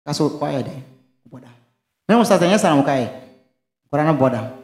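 A man's voice: on the high side, animated, a little fast, a little mellow, reverberant. A man, preaching a sermon and asking questions for the congregation to finish, mixing in local phrases. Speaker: pastor. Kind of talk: call-and-response sermon.

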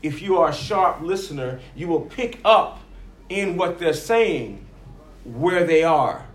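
A man's voice: fairly high pitch, expressive, slow pace, echoey room. A man preaching a sermon, rising and falling emphatically and acting out the voices he quotes.

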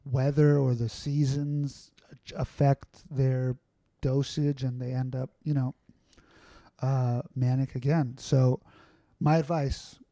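A man's voice: medium pitch, level tone, slow, warm tone, no room sound. A man talking casually as a podcast guest, rambling and candid, with many fillers and restarts. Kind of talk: casual conversational storytelling.

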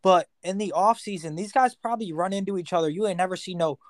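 Male podcast co-host, blunt and profane, a bit high-pitched, dry sound. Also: quick pace, no room sound. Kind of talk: casual chat.

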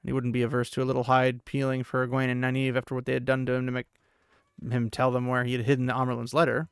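A man's voice: mid-range voice, monotone, fast, clear, resonant tone, no echo, clean studio sound. A man hosting a casual book recap podcast. He retells chapters with chatty, joking asides. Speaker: podcast host.

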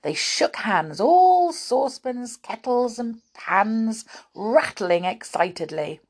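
A woman reading a children's storybook aloud, unhurried, breaking off for chatty asides to her listeners. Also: fairly high pitch, very animated, a little mellow.

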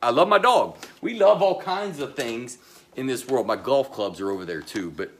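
A middle-aged man, the pastor, delivering a sermon in a slow, emphatic way, pausing often and dropping to a low voice, with chatty asides to the congregation. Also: lively intonation, slight background noise. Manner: slow, emphatic delivery with pauses and sudden drops to a quiet voice.

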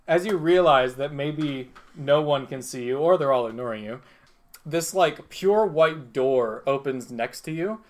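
A man's voice: fairly high pitch, a little slow. A man running a tabletop role-playing game as game master, narrating casually with frequent fillers. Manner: casual, hesitant, many fillers and laughs.

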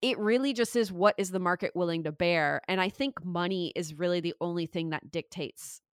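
A woman's voice: fairly low pitch, a little fast, clean tone, no room sound, clean studio sound. A woman co-hosting a podcast in casual chat, telling stories chattily and laughing often. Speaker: podcast co-host.

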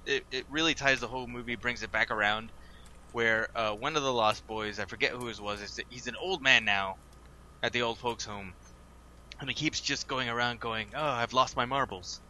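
Bright-voiced man chatting casually. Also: medium pitch, normal speed, a little hiss or hum. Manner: rambling, laughs a lot. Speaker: podcast co-host. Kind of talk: casual chat.

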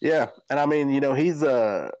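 Ask: a dry, muffled, animated storyteller man. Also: medium pitch, moderate pace, no room sound. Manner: animated, profane, rambling anecdotes. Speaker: podcast host and fighter. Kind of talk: casual storytelling chat.

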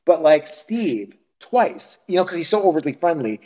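A man's voice: fairly high pitch, big pitch swings, moderate pace, mellow, slight background noise. A man co-hosting a podcast, ranting crudely and profanely in casual chat, often breaking into laughter. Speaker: podcast co-host.

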